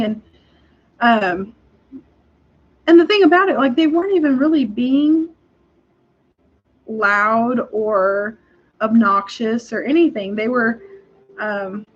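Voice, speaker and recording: A young woman, hosting a casual chat and telling stories in an animated, exasperated way with frequent laughs. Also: fairly high pitch, unhurried, long pauses. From Texas. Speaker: podcast host. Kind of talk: casual storytelling. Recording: dull lo-fi recording.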